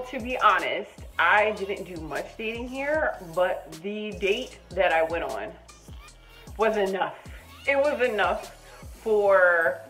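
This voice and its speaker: Young woman, storytime vlogger, animated, chatty, loud highs, muttered asides, faint music. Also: low-quality recording. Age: young adult. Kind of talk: casual storytime vlog.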